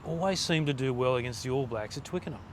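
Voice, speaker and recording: A man's voice: medium pitch, animated, fast talker, slight background noise. Rambling male interviewer outdoors. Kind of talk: casual interview questions.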